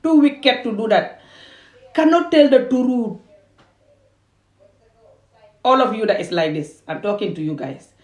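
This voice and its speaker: A woman's voice: a little high, animated, unhurried, long pauses, a little mellow. A woman from Gambia ranting heatedly and emphatically in a self-filmed commentary video. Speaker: vlogger.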